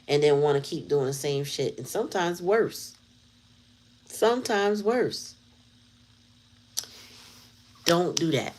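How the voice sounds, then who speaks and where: Woman, low voice, tarot channel host, blunt casual chat, slangy and candid. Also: a little mellow, poor audio.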